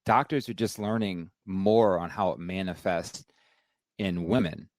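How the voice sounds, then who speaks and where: A middle-aged man with a deep, darkish voice speaks at a measured pace with no echo. As a podcast guest in a casual interview chat, he talks candidly and reflectively, using lots of fillers.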